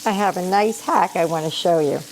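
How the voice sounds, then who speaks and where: A woman's voice: on the low side, a little fast, darkish tone. A middle-aged woman with a slightly scratchy voice from allergies, chatting her way through a home cooking video and explaining each step as she goes. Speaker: home cook and channel host. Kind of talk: casual cooking vlog. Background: sizzling pan in a home kitchen.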